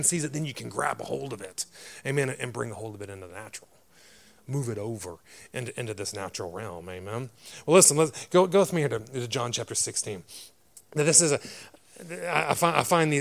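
A man preaches in a church, his voice rough and gravelly and sitting a little high. His sermon rises and falls with animated repetition and frequent amens.

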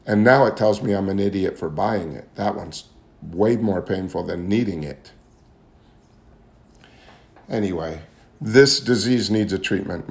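In a fairly low, slightly mellow voice, the man recounts his recovery as personal testimony. He's sincere and confessional, frequently repeating himself while he gropes for words.

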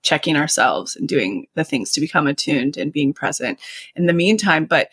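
A woman's voice: low voice, sing-song, moderate pace, creaky, a bit bright, husky, no room sound. A woman in her thirties hosting a podcast, talking earnestly and heartfelt with many fillers in casual conversation. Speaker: podcast host.

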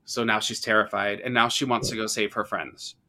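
Podcast host, male, bright lively voice, animated storyteller who acts out quotes. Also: on the low side, fairly quick. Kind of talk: casual horror movie discussion.

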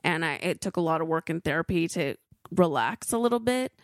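A woman's voice: low voice, lively intonation, a little fast, dry recording, clean studio sound. A woman co-hosting a podcast, telling stories in a rambling, emotive way. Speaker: podcast co-host. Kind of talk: casual chat.

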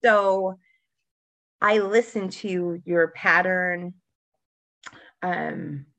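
Low-voiced woman chatting on a podcast. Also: gravelly, a bit bright, no echo. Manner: chatty, self-assured, halting restarts. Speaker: podcast co-host. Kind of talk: casual chat.

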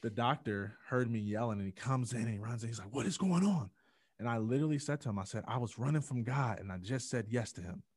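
A man with a medium-pitched voice talks quickly, barely pausing, with no room sound. As a podcast guest, he earnestly tells a personal story and acts out the quotes with growing intensity.

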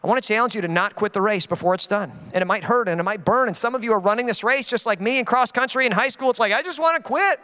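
A man's voice: high voice, quick pace, few pauses, sharp tone, clear, resonant tone, in a large hall. A man, a pastor, preaching a sermon with passionate emphasis and acting out the voices he quotes.

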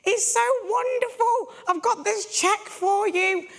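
A woman acting out her tearful, dramatic pastor, gushing in a very high voice. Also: slow pace, vocal fry, a bit bright, heavily acted.

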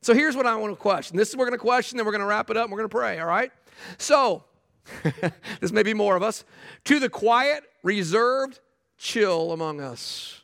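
A man preaching a sermon as pastor, emphatic and animated, often repeating phrases for effect. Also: high voice, normal speed, creaky, in a large hall. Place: church sanctuary.

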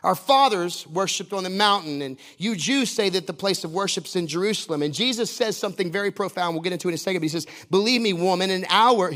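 Male pastor, high voice, jokey conversational sermon, long church reverb. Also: animated, fairly quick, fairly bright tone. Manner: conversational, joking preaching with asides to the congregation.

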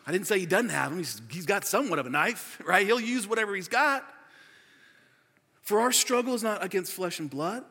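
A man in his forties preaching a sermon as pastor, energetic and chatty, laughing often and full of filler words. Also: sits high. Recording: long reverb of a large hall.

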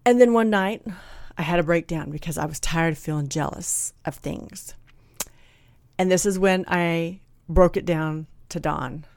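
A woman telling a personal story in a candid, blunt, animated way, acting out what people said. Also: lowish voice, unhurried, dry recording. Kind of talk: casual storytelling chat.

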